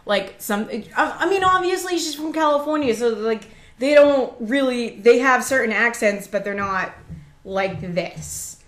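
A woman's voice: a little high, expressive, unhurried, a bit bright. A woman from the Boston area, co-hosting a podcast in casual, laughing chat. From Boston area, USA. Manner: chatty, laughing, mimics voices in quotes. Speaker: podcast co-host. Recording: echoey room.

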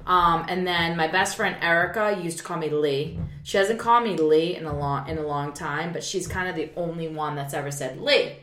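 Middle-aged woman chatting on a podcast, lowish voice, gets loud doing impressions, roomy echo. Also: normal speed. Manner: animated, swings up loud when mimicking people. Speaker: podcast co-host. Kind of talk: casual chat. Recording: echoey room.

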